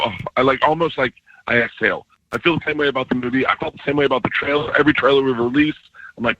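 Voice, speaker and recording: A man's voice: medium pitch, husky, no echo, lo-fi sound. A middle-aged man, a comedian calling in to a radio show, telling stories with lots of laughter and acted-out quotes. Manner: animated storyteller, laughs often, acts out quotes. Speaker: comedian guest. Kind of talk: casual radio interview. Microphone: phone call-in.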